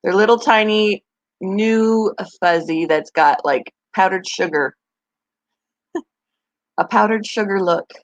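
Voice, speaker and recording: A woman's voice: medium pitch, slow pace, long pauses, lo-fi sound. Woman rambling to her viewers about baby pets, gushy, laughs a lot. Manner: chatty, gushing, laughs often. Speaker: pet channel host. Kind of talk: casual live chat to viewers.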